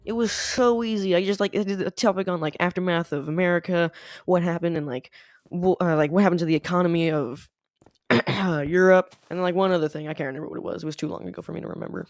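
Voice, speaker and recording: A man's voice: high-pitched, fairly even intonation, fast, no echo, studio quality. A young man telling a rambling school story while playing a game, full of "like" fillers. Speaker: gaming channel host. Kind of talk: casual storytelling over gameplay.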